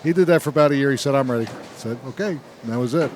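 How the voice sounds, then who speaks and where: A man's voice: medium pitch, rapid-fire, darkish tone. A man giving casual, jokey play-by-play commentary on a bowling broadcast, laughing often. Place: bowling alley. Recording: noisy bowling alley broadcast. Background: bowling alley noise.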